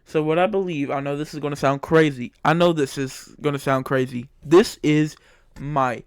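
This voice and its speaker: A man's voice: mid-range voice, fairly even intonation, a little fast, smooth, no echo, clean studio sound. A young man giving a heated, repetitive opinion monologue about his football team as a channel host. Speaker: sports commentator. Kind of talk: casual sports opinion monologue.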